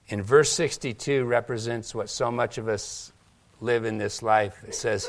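A man's voice: fairly low pitch, fairly even intonation, unhurried, a bit bright. A man preaching a sermon, retelling scripture dramatically and acting out the voices in the quotes.

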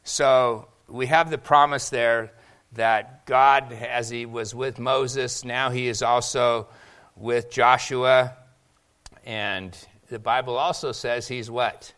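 A man preaching a Sunday sermon, asking the congregation questions and pausing for their answers, slowing down when he reads scripture. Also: medium pitch, fairly even intonation, a bit bright. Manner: slows down to read scripture. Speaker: pastor.

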